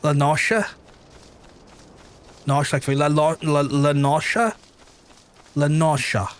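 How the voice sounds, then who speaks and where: A man's voice: a little high, slow pace. A man streaming a game live, chatting to viewers, swearing freely and stumbling over hard names as he repeats them. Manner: excitable, swears often, reads chat aloud.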